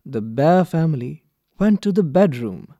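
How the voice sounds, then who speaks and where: A man reading a children's story aloud from a textbook, clear and deliberate for young learners. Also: a little high, big pitch swings, warm tone, no echo, highs cut off. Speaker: textbook reader. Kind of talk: slow expressive storybook reading.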